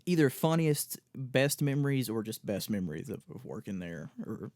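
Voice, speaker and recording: A man's voice: medium pitch, normal speed, no echo, studio quality. A young man co-hosting a podcast in casual chat, griping about work and quoting people, swearing often. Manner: profane, quotes people in animated voices. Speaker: podcast co-host.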